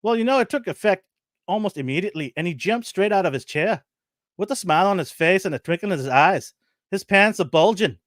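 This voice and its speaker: A man's voice: lively intonation, brisk, a bit bright, no room sound, studio quality. A man putting on a flustered old Irish woman. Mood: scandalized. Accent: put-on Irish. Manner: exaggerated storytelling brogue, higher pitched.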